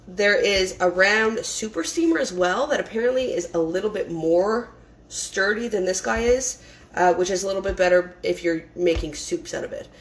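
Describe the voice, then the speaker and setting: In her home kitchen, a woman with a mid-range voice gives a casual, rambling cooking demonstration, chatting as she works. She uses lots of fillers and restarts, and the recording is rough.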